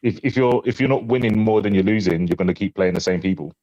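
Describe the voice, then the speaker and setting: A man in a casual chat, teasing his friend in quick remarks. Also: lowish voice, warm tone, no echo. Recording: dull dry sound.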